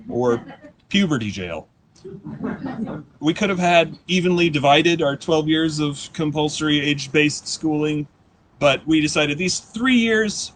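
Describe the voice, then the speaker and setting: Rambling deadpan male stand-up comic. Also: fairly high pitch. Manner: rambling, self-deprecating, deadpan asides with restarts. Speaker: stand-up comedian. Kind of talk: live stand-up set. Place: comedy stage before a live audience.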